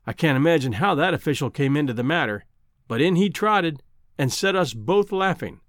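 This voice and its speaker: A man narrates a classic novel in a measured, literary way. His voice sits somewhat high and moves with lively expression. The recording is close and dry. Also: dry recording. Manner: measured, old-fashioned literary reading. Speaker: audiobook narrator. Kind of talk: scripted narration.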